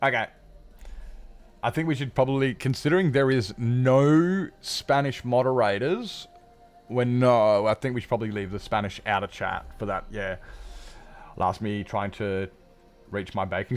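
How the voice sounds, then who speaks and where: A man chatting casually on a live game stream, rambling and joking, with sudden high, excited greetings. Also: normal speed, soft background music.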